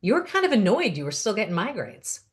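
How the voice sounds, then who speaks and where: A woman's voice: mid-range voice, very animated, fast. A middle-aged woman hosting an interview, upbeat and encouraging, explaining at length. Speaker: host.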